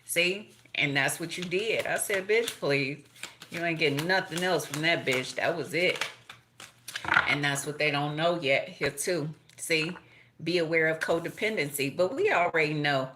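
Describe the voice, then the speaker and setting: Brash, bright-voiced woman reader. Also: sits low, moderate pace, a little hiss or hum. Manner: profane, blunt, animated with laughs. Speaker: tarot reader. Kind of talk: casual astrology reading.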